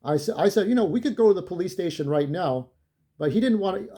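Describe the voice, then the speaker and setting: A man's voice: high voice, lively intonation, fast talker, mellow. A shaken-up man telling an angry, profane story about a confrontation in a vlog. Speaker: vlogger. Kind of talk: ranting vlog monologue.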